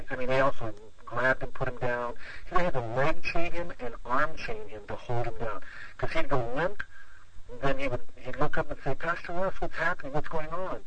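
A man's voice: mid-range voice, sharp tone, rough recording. A man who is a pastor, telling a long story in an interview, rambling with lots of "you know" fillers. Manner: rambling, full of 'you know' fillers.

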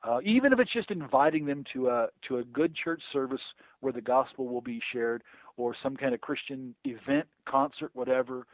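A man's voice: medium pitch, moderate pace, no room sound. A middle-aged man talking earnestly about evangelism, repeating words often and acting out conversations he has had. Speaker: evangelist guest. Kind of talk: casual interview talk about evangelism. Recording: tinny phone-line sound, dry.

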